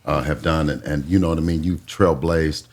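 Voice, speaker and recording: A man who is a boxing trainer, speaking earnestly in casual chat with halting fillers. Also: rumbling low, fairly even intonation.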